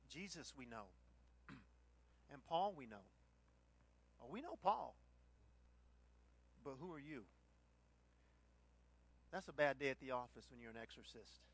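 A middle-aged man preaching a sermon, telling stories with lively put-on voices and bursts of laughter. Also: a little high. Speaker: pastor.

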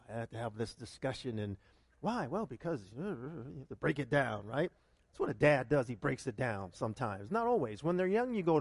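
A man's voice: a little high, a little mellow, no echo, studio quality. A man who is a pastor, preaching a conversational sermon full of rhetorical questions and repeated starts.

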